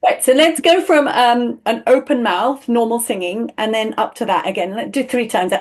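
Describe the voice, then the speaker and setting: A woman's voice: a little high, moderate pace. A woman teaching a one-on-one voice lesson, explaining with enthusiasm and laughing often.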